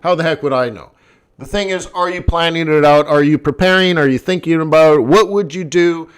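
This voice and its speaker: A man hosting a live trading stream, telling stories in a lively casual way and acting out the people he quotes. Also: fairly high pitch, brisk, smooth. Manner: animated, acts out quoted people. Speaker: forex trading host. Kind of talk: live stream chat and storytelling.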